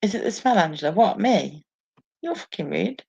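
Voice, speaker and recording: Her mid-range voice is expressive, creaky, husky, and a little mellow, at a normal speed. Sitting alone at home, she runs a casual live stream, reading viewer comments with frequent swearing and laughter, and the sound is dull lo-fi.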